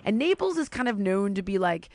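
A woman's voice: mid-range voice, very animated, fairly quick, a little mellow, dry recording. A woman in casual chat, telling a long story and acting out the voices of the people in it.

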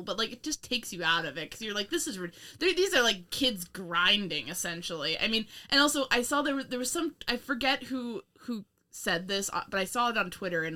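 A woman's voice: mid-range voice, pushed and bright. A young woman co-hosting a casual film review chat, rambling, laughing often and swearing with sarcastic asides. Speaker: podcast co-host.

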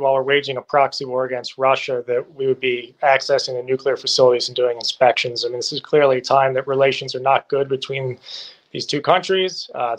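A man's voice: mid-range voice, a bit bright. A man answering interview questions from abroad, speaking in an assertive, analytical way. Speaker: guest reporting from a war zone. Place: remote from abroad.

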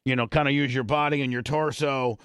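A man's voice: medium pitch, steady tone, brisk, a bit bright, no room sound, studio quality. Profane rambling male radio host. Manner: profane, rambling storyteller with frequent throat clearing. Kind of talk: casual crude talk-radio banter.

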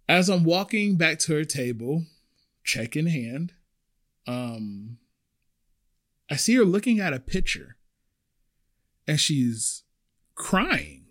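A man's voice: on the high side, sing-song, takes it slowly, long pauses, fairly bright tone. A man who works as a restaurant server, earnestly telling a personal story in a conversational way with many restarts.

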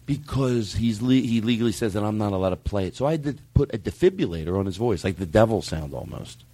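Male comedy podcast host, giggly, lively swinging pitch. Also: fast talker, no room sound. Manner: giggly, excitable, swings loud and quiet. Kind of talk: loose comedic banter.

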